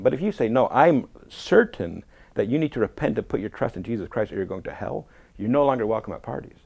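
A man's voice: mid-range voice, animated, brisk, vocal fry, a little mellow, slightly rough. A man, a guest apologist, talking emphatically in a casual conversation and quoting others in voices. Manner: emphatic, quotes people in acted voices.

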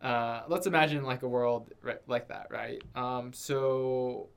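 A man's voice: mid-range voice, fairly even intonation, takes it slowly, creaky, clear, resonant tone. A young man co-hosting a casual podcast, talking in a hesitant way with many fillers and restarts and ending points with "right?". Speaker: podcast co-host. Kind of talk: casual conversation.

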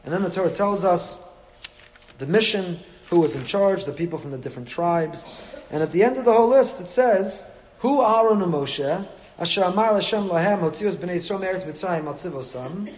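A man leads a lively Torah lesson, his voice sitting somewhat high. He throws out rhetorical questions and briefly acts out lines from the text. A long reverb trails each phrase, as in a large hall. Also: brisk. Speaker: rabbi teaching a Torah class.

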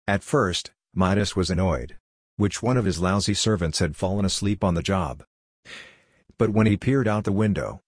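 A man's voice: sits low, a little mellow, breathy edge, dry recording, studio quality. A man narrating a scripted storybook in a plain, lightly humorous way.

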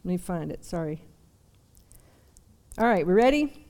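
A woman's voice: lowish voice, lively intonation, measured pace, dark tone. A young woman preaching a sermon to a seated congregation, chatty with self-deprecating asides. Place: church service before a seated audience.

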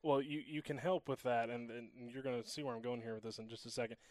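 A man of Cuban heritage talks quickly and teases his guest in a relaxed podcast chat. His voice sits mid-range and is recorded dry and close. He drifts into lively little stories as he talks. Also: mid-range voice, dry recording. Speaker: athletics staff co-host. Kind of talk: casual interview chat.

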